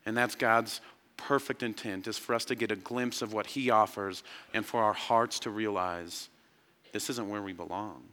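A man in his thirties preaching a sermon, telling a personal story, swinging from excited emphasis down to quiet, hushed lines. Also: on the low side, normal speed, big-room sound. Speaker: pastor.

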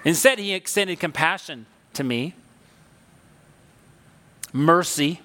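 A man with a high, bright voice delivers a sermon like a personal story, loose and conversational with emphatic swells. The long reverb of a church sanctuary hangs behind every phrase. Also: lively intonation, takes it slowly. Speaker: pastor.

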